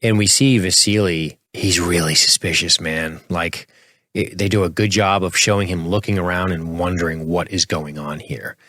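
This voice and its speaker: A man co-hosting a podcast, recapping scenes in a relaxed, chatty way. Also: low voice, moderate pace, no echo, clean studio sound. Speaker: podcast co-host. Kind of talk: casual podcast chat.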